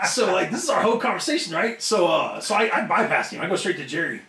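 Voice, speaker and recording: Man guest telling a rowdy story, gravelly, off-mic in an echoey room. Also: sits high, a little fast. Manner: animated, profane, acts out other people's voices. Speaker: wrestler interview guest. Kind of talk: casual storytelling. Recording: roomy echo, somewhat off-mic.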